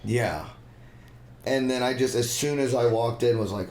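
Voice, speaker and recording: A man's voice: mid-range voice, normal speed, darkish tone. A man in his twenties, a comedian guest telling a rambling story in casual chat, laughing often and swearing a lot. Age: 20s. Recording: echoey room with faint noise.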